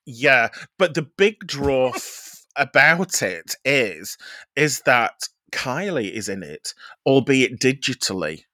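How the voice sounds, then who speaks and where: A man's voice: medium pitch, very animated, slow, bright, forceful tone, no room sound, studio quality. A man reviewing a musical in casual podcast chat, talking in a chatty, hesitant way with many ums.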